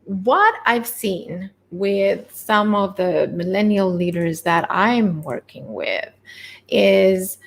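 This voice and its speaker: A woman coach talks through workplace leadership skills in an earnest, conversational tone. Her mid-pitched voice has a gravelly edge and a slight hoarseness. She often pauses on small fillers as she goes. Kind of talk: webinar-style coaching talk.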